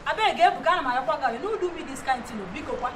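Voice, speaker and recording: An actress playing a quick-tempered young woman with a Nigerian accent who talks in an animated way. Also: high voice, a crowd in the background. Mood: earnest. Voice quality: animated, laughing, switches between languages. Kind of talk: comic TV drama. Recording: distant mic with background noise.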